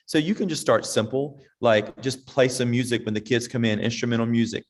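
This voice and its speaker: A man's voice: mid-range voice, fairly quick, hardly any pauses. Folksy man in his fifties. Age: 50s. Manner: folksy and direct, acts out parents and sings snippets. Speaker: veteran teacher presenting to other teachers. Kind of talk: casual conference talk with audience questions. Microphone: online presentation mic.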